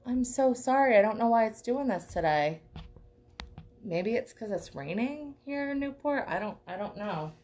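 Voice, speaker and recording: A woman's voice: a little high, expressive, normal speed, a little mellow. A young woman teaching a live online painting class, chatty and encouraging, checking in with "okay?" often. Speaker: art teacher.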